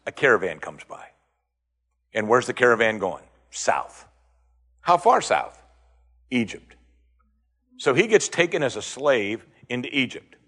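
A man with a fairly bright, slightly breathy voice preaches a sermon, firing off rhetorical questions. He rises to emphatic high points and then drops low again.

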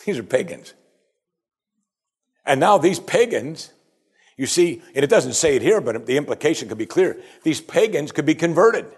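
Male pastor, lively sermon delivery, slightly husky. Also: fairly high pitch, normal speed, pauses often. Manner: animated, swinging between loud exclamation and quiet asides.

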